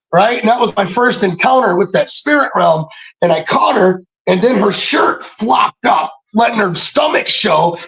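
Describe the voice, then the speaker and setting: Guy with a real high raspy voice, preachy, cussing, yelling now and then. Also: low-quality recording. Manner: animated and preachy, often breaking into shouts; profane, streetwise slang. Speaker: podcast speaker. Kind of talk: casual storytelling monologue.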